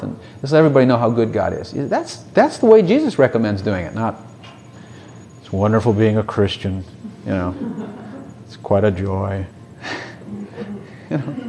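A man's voice: medium pitch, darkish tone, slight background noise. A man preaching a sermon in a conversational way, with many rhetorical questions and short mocking voices.

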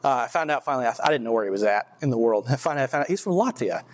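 A man's voice: mid-range voice, lively intonation, very fast. A man giving an informal, rambling faith testimony to a group, often restarting his sentences and laughing at himself. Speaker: church speaker.

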